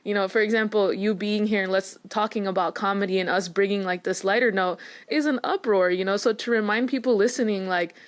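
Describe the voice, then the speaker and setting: A woman's voice: medium pitch, fairly even intonation, brisk, few pauses. Upbeat, slangy woman podcast host. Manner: upbeat and slangy, full of "like" and "you know". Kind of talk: casual chat.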